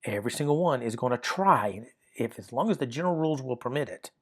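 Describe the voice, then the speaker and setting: Man, grammar teacher, methodical lesson, middle-pitched voice, repeats himself while working through examples. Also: lively intonation, fast.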